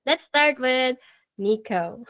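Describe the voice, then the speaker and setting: Female radio host; relaxed slow delivery, bright upbeat manner. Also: sits high, dull audio. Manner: cheerful, laughs often. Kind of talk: live radio talk show.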